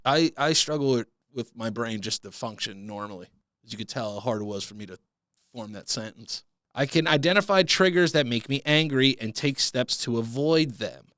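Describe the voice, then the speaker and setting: A man's voice: mid-range voice, a bit bright, no room sound, clean studio sound. A man hosting a solo podcast, talking casually and self-mockingly with lots of swearing. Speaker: podcast host.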